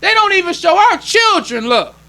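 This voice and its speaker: A man's voice: very high voice, sing-song, moderate pace, creaky, bright, forceful tone. A man preaching a sermon as minister, emphatic and plainspoken, repeating his points. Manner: plainspoken, conversational delivery.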